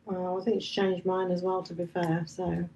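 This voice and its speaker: A woman's voice: lowish voice, monotone, moderate pace, darkish tone, rough recording. A woman with an English Midlands accent, a bookshop cafe owner chatting in an interview and acting out the dialogue of the stories she tells. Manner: chatty storyteller, acts out quoted dialogue. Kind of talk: casual interview chat.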